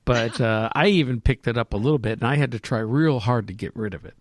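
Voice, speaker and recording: A man's voice: medium pitch, fast, no echo, clean studio sound. A man from California, chatting as a podcast co-host and rambling as he thinks aloud. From California, United States. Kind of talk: casual chat.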